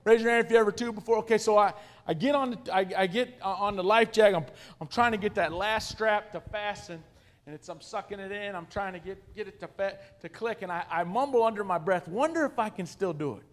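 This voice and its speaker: Guest speaker, male, 40s, high voice; animated self-deprecating storyteller working a church audience. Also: fairly quick. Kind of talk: humorous storytelling to a congregation.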